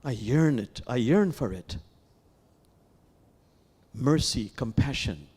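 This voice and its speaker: A man leading a sermon as imam, speaking in an animated way with repeated phrases and questions to the listeners. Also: medium pitch, slow pace, slightly rough. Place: sanctuary.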